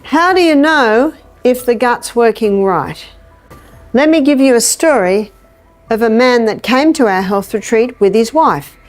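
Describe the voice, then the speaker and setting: A woman giving a health lecture, animated and telling a story while she acts out the dialogue. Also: on the high side, a little slow, soft background music. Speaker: natural health educator.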